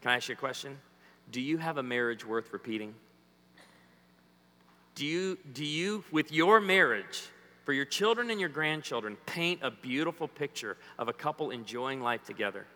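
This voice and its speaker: A man's voice: mid-range voice, moderate pace. A man preaching a humorous sermon in a church, joking and quizzing the audience. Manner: lively, jokey, quizzes the audience. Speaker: guest preacher. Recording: echoey hall.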